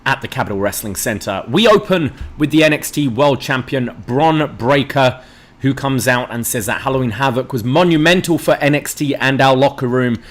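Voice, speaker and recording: A man's voice: mid-range voice, lively intonation, normal speed. Man, podcast co-host, recaps wrestling matches, quotes promos in funny voices. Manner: recaps events, mimics wrestlers' lines.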